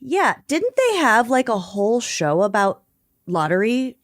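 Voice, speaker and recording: A woman co-hosting a casual podcast, relaxed and reactive, dropping in quick interjections. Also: on the high side, no room sound, studio quality. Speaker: podcast co-host. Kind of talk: casual chat.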